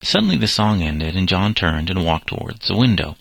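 A man narrating a storybook in a steady, measured read. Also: low voice, vocal fry, dry recording. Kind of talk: storybook reading.

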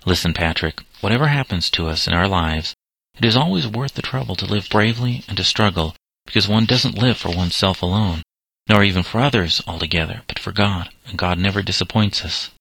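A man reading a kindly, earnest middle-aged doctor in an audiobook, in a gentle, fatherly way. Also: deep voice, fairly quick, gravelly, no echo, full character voice, poor audio.

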